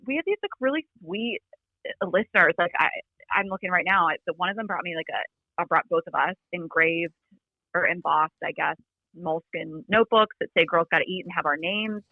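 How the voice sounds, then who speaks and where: A woman chatting as a podcast guest over a remote call, talking quickly with lots of "like" fillers and a fry in her voice. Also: on the low side, no room sound. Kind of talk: casual chat. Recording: phone-like remote line.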